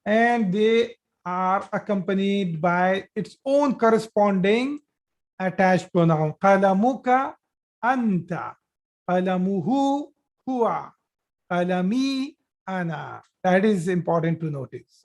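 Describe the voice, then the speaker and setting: A man's voice: high-pitched, expressive, measured pace, a little mellow. A man teaching Arabic grammar in a live online class, patient and repetitive, with many fillers and restarts, speaking into a computer mic on a video call.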